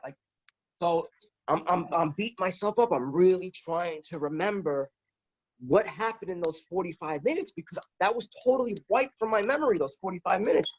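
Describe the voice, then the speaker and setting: Man, fairly high voice, casual storytelling, rambling with restarts, dull lo-fi recording. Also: lively intonation, moderate pace. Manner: rambling, repeats words and restarts; quotes others with "he's like". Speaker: guest. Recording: dull lo-fi sound.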